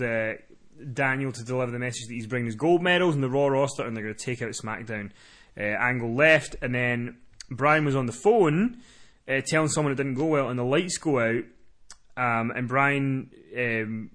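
A man co-hosting a casual podcast, recapping a show in long runs, profane and quick to laugh. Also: medium pitch, a bit bright. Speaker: wrestling podcast co-host.

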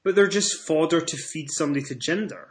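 A man co-hosting a wrestling chat show, voice sitting a little high for a man. He tells his stories with energy, jumping up in pitch and volume whenever he gets worked up. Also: fast. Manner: animated storytelling, rises in pitch and volume when excited. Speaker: podcast co-host.

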